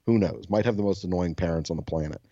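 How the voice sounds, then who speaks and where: Speaking fast in a low voice, a man co-hosting a podcast spins a profane, casual story and acts out every quote with animation. The audio is dry, with the highs cut off.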